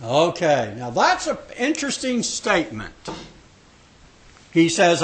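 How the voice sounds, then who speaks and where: A man's voice: on the high side, huge pitch swings, slow pace, pauses often, fairly bright tone. An older man in his sixties leading a Bible study class, joking and emphatic as he asks questions. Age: 60s. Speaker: Sabbath school teacher.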